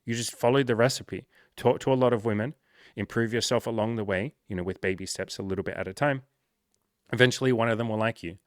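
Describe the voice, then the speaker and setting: A man's voice: lowish voice, no echo, clean studio sound. A man talking as a life coach, giving casual motivational advice in a blunt, direct, often profane way.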